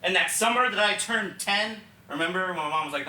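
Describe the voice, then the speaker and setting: Speaking a little fast, a young Texan performing solo on stage shares his life story, confiding in the audience with a high, bright and lively voice. The sound is captured from afar in a spacious theatre, and faint noise lingers behind him.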